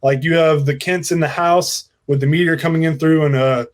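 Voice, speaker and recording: Co-host, young guy, laid-back and talkative, bit of a high voice. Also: brisk. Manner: relaxed, rambling storyteller. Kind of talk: casual podcast chat.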